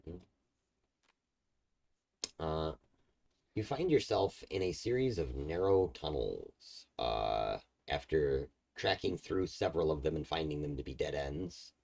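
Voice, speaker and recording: A man's voice: very deep voice, sing-song, slow, creaky, a little mellow, breathy edge. A man narrating as game master, rambling loosely with lots of fillers.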